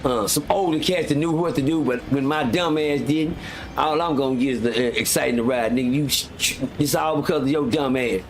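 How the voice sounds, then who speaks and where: A middle-aged man from West Texas, telling stories in an animated way on a livestream and acting out the people he quotes. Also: brisk. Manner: animated storyteller, acts out quoted people in a loud high voice. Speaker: livestream host. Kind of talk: casual storytelling. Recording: noisy livestream audio.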